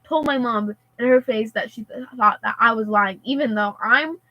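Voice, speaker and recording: In a loose, chatty story, a teenage girl keeps saying "like" and "and stuff like that" as she rambles on. Her voice is a little high and moves at a moderate pace, and the highs in the recording are cut off.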